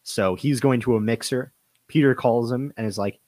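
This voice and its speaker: A man casually discussing a movie, often halting and repeating words as he talks. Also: medium pitch, darkish tone, dry recording. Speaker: podcast co-host.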